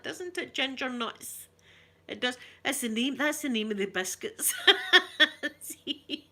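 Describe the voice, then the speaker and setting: A woman's voice: on the high side, pushed and bright. A woman with a Scottish accent chatting casually with viewers on a live stream, giggling often and reading out comments. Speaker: ASMR channel host.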